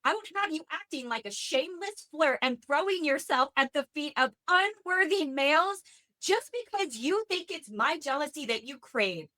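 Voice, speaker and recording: A woman's voice: high voice, animated, moderate pace, bright, forceful tone, voice pushed up. A woman reading the lines of a possessive, jealous male fae king in a stern, commanding way.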